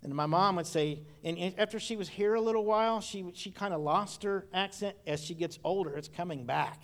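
A man's voice: sits high, fairly quick. A middle-aged man preaching a sermon, telling folksy stories from his own childhood and often repeating phrases for emphasis. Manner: folksy storytelling with personal memories and repeated phrases. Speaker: pastor.

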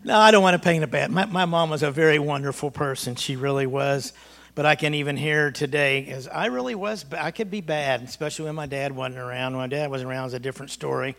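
A pastor with a fairly high, gravelly, somewhat bright voice talks fast, chuckling as he tells folksy stories about his mother. It's a personal remembrance shared during a church service.

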